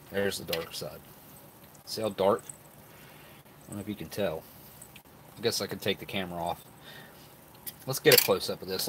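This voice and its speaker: With background noise behind him, a low-voiced food reviewer tastes old food and chats casually to camera. Now and then he talks with his mouth full.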